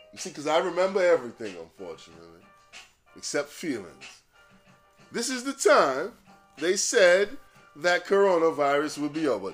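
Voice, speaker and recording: A man with a voice a little higher than most rambles through a casual podcast monologue. He swears freely and breaks into laughter at his own jokes. Faint music sits behind him. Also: fairly bright tone. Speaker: podcast host.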